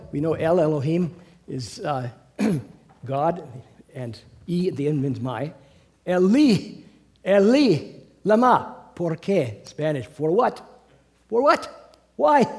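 A man's voice: a little high, dark tone, slightly rough. A man preaching a sermon in a church, earnest and rambling, with restarts, often building to fervent emphasis. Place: church sanctuary.

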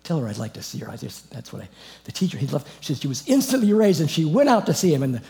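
A middle-aged man teaches the Bible informally, reading verses aloud and then commenting on them. His voice is fairly high with vocal fry, and he talks fast. He's animated and chuckles as he goes.

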